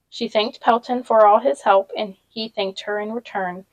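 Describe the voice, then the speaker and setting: A woman reading a novel aloud in a steady storytelling manner, with small slips and brief asides. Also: medium pitch, moderate pace, few pauses, poor audio. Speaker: reader.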